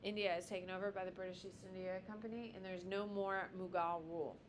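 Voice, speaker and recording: A woman teaching a high school history class, lecturing bluntly and with jokes while calling on students by name. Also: steady tone, fast talker, slight background noise.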